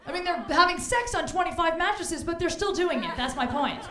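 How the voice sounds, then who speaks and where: A woman's voice: very high-pitched, expressive, fairly quick, pushed and bright, a faint crowd. A woman performing a stand-up comedy set on a club stage, brash and bawdy, often breaking into mocking voices for the people she quotes. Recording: echoey club room.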